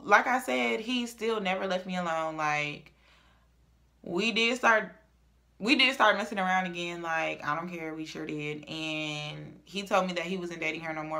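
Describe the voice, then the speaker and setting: A young woman, telling a personal story in a casual, dramatic vlog. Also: fairly low pitch. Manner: chatty, dramatic, swings from loud to murmured.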